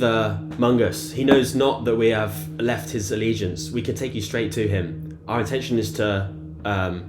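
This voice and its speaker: A man speaking in character as a player in a tabletop role-playing game, halting and hesitant, with many fillers. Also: fairly low pitch, steady tone, music in the background.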